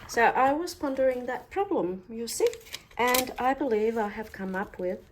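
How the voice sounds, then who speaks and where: A woman's voice: on the high side, animated, normal speed, slight background noise. A woman chatting casually through a craft tutorial, talkative and playfully sarcastic.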